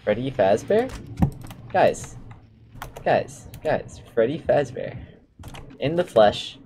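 A man giving goofy, excitable commentary while playing a horror video game, yelping at the scares. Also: medium pitch, takes it slowly, noisy background. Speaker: let's play gamer. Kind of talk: casual gaming commentary.

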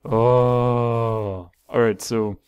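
A man's voice: medium pitch, steady tone, drawn-out words, smooth, lo-fi sound. Exasperated man narrating his gameplay. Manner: exasperated, scolding game creatures while rambling. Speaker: gaming channel host. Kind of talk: casual let's-play commentary.

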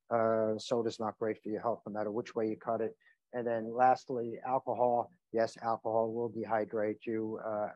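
A middle-pitched man talks through a health seminar, loose and conversational, stopping for fillers and going back to restart phrases. The recording sounds a little dull and lo-fi. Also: a little mellow. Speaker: emergency physician giving a seminar. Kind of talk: informal health talk. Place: seminar room.

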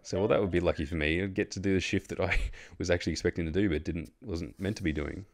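Australian male host, very low voice, rambling casual storyteller who swears. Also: fairly even intonation, fast talker. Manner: rambling, many fillers and restarts, swears freely.

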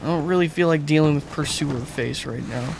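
Brief: young male streamer, casual and jokey, slightly high voice, noisy background. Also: brisk, creaky. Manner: laid-back, joking, often laughing. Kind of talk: casual gameplay commentary.

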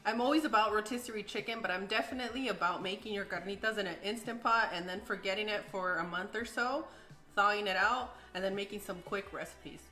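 Woman, cooking host, upbeat, playful, chatty, bright clear voice, home kitchen. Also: medium pitch, fairly quick, soft background music. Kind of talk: casual cooking chat and instruction.

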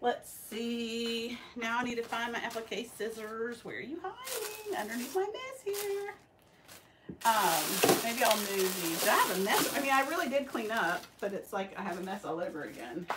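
A woman's voice: fairly high pitch, moderate pace, few pauses. A woman with a Southern US accent chatting casually to her livestream viewers while she works at her embroidery machines, calling them y'all. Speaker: embroidery shop owner livestreaming her work. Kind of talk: casual live-stream chat while working. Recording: distant mic with loud sewing machine noise.

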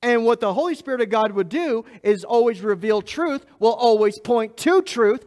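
A man preaching a sermon as pastor of a church, emphatic and repetitive, swinging between loud and hushed lines and speaking straight to the congregation. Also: extremely high pitch, animated, moderate pace, hardly any pauses. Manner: laughs at himself, talks to the congregation directly.

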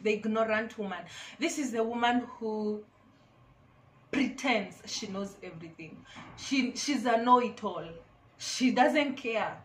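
A woman's voice: on the high side, a little slow, slight background noise. A woman vlogger giving casual, emphatic advice to camera, repeating her key phrases.

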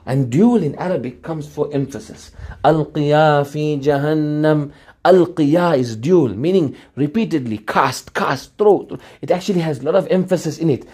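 A man's voice: on the high side, mellow, slightly rough. A middle-aged man preaching a sermon with fervor, repeating phrases and chanting Arabic supplications. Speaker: Islamic preacher.

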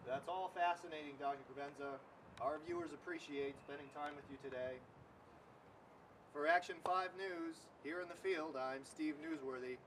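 A man's voice: fairly high pitch, fairly even intonation, normal speed, a bit bright, lightly acted. A man playing a formal male field reporter with a stiff on-air delivery in a comedy skit. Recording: distant mic with faint outdoor noise.

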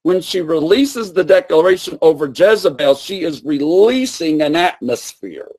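A man's voice: a little high, lively intonation, normal speed, darkish tone, husky. A man preaching a sermon and teaching with emphatic, repeated phrases.

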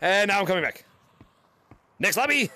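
An excitable male streamer with a high, bright voice that leaps all over the place as he greets fans in a virtual game lobby. He laughs often and trips over quick restarts, chatting into a VR headset mic. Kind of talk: excited live gaming chat.

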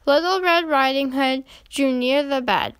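A woman reading a children's storybook aloud in a gentle, measured way. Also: high voice, no echo.

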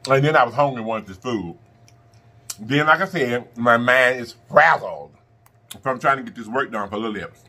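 Eating in front of the camera, a middle-aged mukbang vlogger from the American South talks in a pushed, bright voice of medium pitch at normal speed. His tone is affectionate and preachy, and he fondly addresses viewers as "baby" and "y'all".

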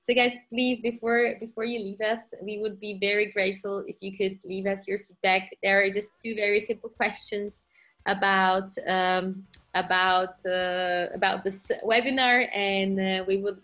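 A woman with a mid-range, slightly bright voice co-hosts a webinar, answering questions in a casual Q&A. She explains things in a friendly way, with a few hesitations along the way.

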